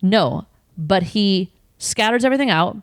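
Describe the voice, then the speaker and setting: A woman guest telling a story in casual chat, animated and swearing freely. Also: medium pitch, unhurried, no room sound, clean studio sound. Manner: animated, swears freely, acts out her own quoted outbursts. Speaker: podcast guest.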